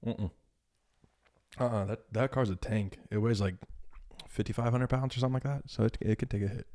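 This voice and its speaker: A man's voice: lowish voice, steady tone, a little fast, dark tone. A young man with a Southern country accent, chatting easygoingly as a podcast guest. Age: young adult. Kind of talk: casual chat.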